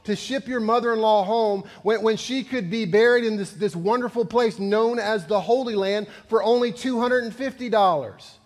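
A man's voice: sits high, normal speed, few pauses, pitched above the performer's own voice, close to an everyday voice. A man voicing a pushy male undertaker in a sermon joke, pleading in disbelief. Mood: incredulous. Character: pushy male undertaker making a sales pitch.

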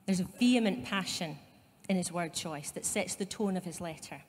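A woman's voice: on the low side, moderate pace, husky, in a large hall. A woman pastor with a Scottish accent giving a conversational sermon, with asides to her congregation. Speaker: site pastor. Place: church.

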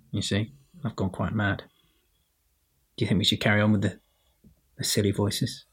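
A man's voice: on the low side, little pitch movement, normal speed, pauses often, a bit bright, husky. A man hosting a podcast alone into his laptop at home, rambling and self-mocking with frequent restarts. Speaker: podcast host. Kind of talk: solo casual monologue to listeners.

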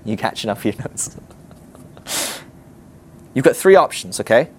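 A man teaches a ministry class in an animated, conversational style, frequently acting out what people might tell themselves. His voice is medium-pitched and unhurried, with slight background noise.

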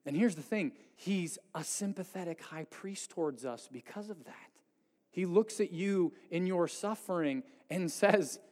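High-voiced man preaching in a reverberant hall. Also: measured pace. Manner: swings from pleading intensity to hushed quiet. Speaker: pastor. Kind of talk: sermon. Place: church sanctuary.

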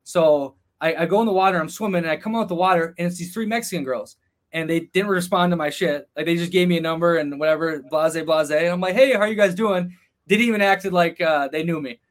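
Telling a rowdy travel tale on a podcast, this male guest keeps it loose and casual. His voice is high and light, he curses freely, and he briefly imitates the people he quotes.

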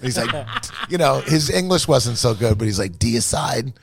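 A man telling stories in casual, profane podcast chat, animated and full of quoted voices. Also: medium pitch, normal speed, gravelly, over a noisy crowd.

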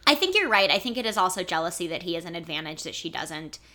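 Bright-voiced woman podcast co-host. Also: fairly low pitch, fast talker. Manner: animated, swearing, joking. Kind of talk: casual chat.

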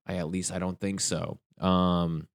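Young guy doing raunchy standup, deep voice, dry close sound. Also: flat delivery, unhurried, no echo. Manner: crude, rambling, jumps into silly voices. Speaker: stand-up comedian. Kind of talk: stand-up comedy rant.

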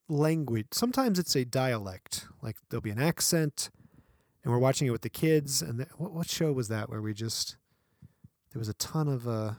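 A man co-hosting a podcast in casual chat, animated and laughing often, now and then reading from an article. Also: mid-range voice, moderate pace, no room sound, clean studio sound. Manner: animated, laughs often, breaks into playful voices. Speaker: podcast co-host.

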